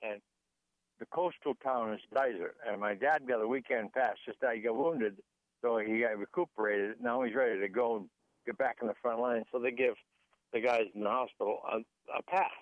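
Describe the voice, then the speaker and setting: A man's voice: medium pitch, normal speed, no room sound. A man, a guest author, telling a rambling family story and acting out the quotes, heard over a tinny phone line. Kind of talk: storytelling interview.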